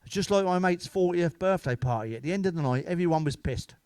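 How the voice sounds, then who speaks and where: A man's voice: high-pitched, lively intonation, fast talker, a little mellow, no echo. A middle-aged man telling crude, bawdy comic stories as a comedian. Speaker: stand-up comedian. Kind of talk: comic storytelling.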